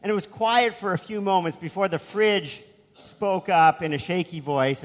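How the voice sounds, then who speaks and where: A man's voice: high voice, moderate pace, long reverb tail, a little hiss or hum. A man preaching a sermon as pastor, telling a story in a conversational way with asides.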